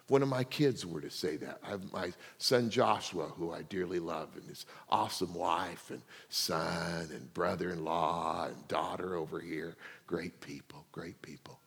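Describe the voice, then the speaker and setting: A man's voice: low voice, moderate pace, gravelly, hardly any pauses, breathy edge, big-room sound. A middle-aged male pastor giving a conversational sermon, often checking in with the congregation. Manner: conversational preaching, asks the congregation for responses.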